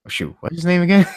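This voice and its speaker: A man's voice: sits high, no room sound. Rambling man on a dry-mic podcast. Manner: rambling, animated, laughs often. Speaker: podcast host. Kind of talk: casual podcast chat.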